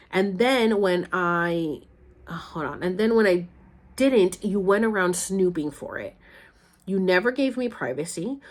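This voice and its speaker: A young adult woman vlogging, speaking candidly and emotionally to her mother about her past, blunt and sometimes swearing. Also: medium pitch. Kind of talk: personal storytelling, addressing her mother.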